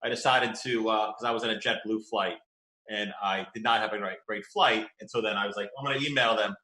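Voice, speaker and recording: A podcast host reads his own prank letter aloud with animated, mock-pompous flair. His voice is bright and his pace quick. The room around him is echoey. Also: on the low side. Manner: animated, playing up a pompous exec voice when reading.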